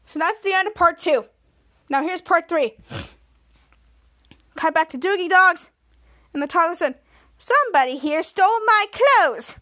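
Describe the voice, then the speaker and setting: A woman's voice: very high voice, unhurried, pauses often, bright, forceful tone. A woman hosting a podcast, retelling a TV episode scene by scene and acting out the characters' lines in a raised voice. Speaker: podcast host. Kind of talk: recapping a TV episode.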